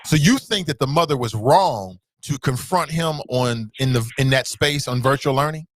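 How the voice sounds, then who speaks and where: A man's voice: mid-range voice, normal speed. Blunt emphatic man hosting a call-in show. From United States. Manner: blunt, emphatic, repeats himself. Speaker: talk show host.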